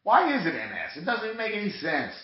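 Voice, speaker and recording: A man co-hosting a podcast, chatting casually and profanely over drinks, animated and laid-back. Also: sits high, quick pace. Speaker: podcast co-host. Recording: roomy, dull lo-fi home recording.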